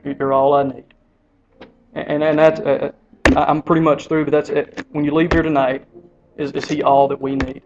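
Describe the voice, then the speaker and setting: A man's voice: a little high, flat delivery, a little fast, background noise. A man leading a men's Bible study, speaking earnestly and stumbling over repeated words as he pushes his point. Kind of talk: casual exhortation. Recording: dull lo-fi recording.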